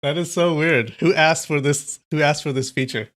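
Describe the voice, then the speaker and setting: A man's voice: a little high, normal speed, a bit bright. A man hosting a live stream, chatting casually with his viewers and often laughing. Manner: chatty, amused, talks to chat.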